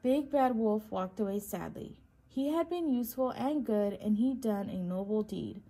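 A woman, a preschool teacher, reading a children's storybook aloud in a slow, expressive way. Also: medium pitch, slight background noise.

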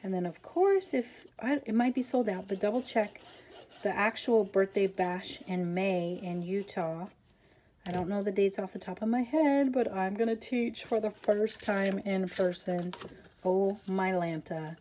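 A woman's voice: medium pitch, unhurried, dark tone, a little hiss or hum. A woman hosting a casual papercraft tutorial, chatty and rambling, with self-deprecating asides as she works.

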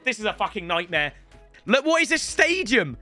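A young man giving excitable, swear-filled commentary on his football video game, often yelling at the game. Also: sits high, normal speed, no room sound, soft background music. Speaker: gaming YouTuber. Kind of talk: let's-play gaming commentary.

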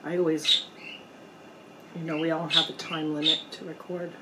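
A woman vlogger chatting casually while eating on camera at home, pausing often to savor her food. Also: deep voice, little pitch movement, heavy background noise. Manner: slow, chatty, pauses to eat and savor. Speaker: mukbang vlogger. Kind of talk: casual eating vlog chat. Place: indoors at home, storm outside.

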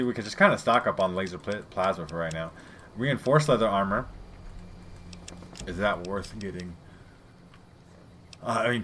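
A man's voice: deep voice, fairly bright tone, slight background noise. A man giving casual, rambling gameplay commentary, swearing freely and chatting to his viewers. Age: adult parent. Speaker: let's play gamer.

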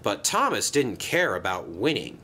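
A man narrating a children's story in a gentle, expressive way. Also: on the low side, normal speed, a little hiss or hum.

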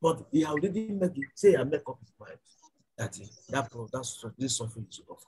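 A man's voice: mid-range voice, expressive, a little fast, a little mellow, breathy edge, faint music behind, poor audio. A man preaching a church sermon and leading fervent prayer, repeating his lines again and again. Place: church service.

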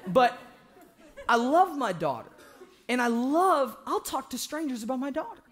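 A young man preaching an evangelistic sermon in a church, joking with the congregation and breaking into shouts for emphasis. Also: very high-pitched, moderate pace, some chatter behind. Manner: animated, joking, bursts into shouting.

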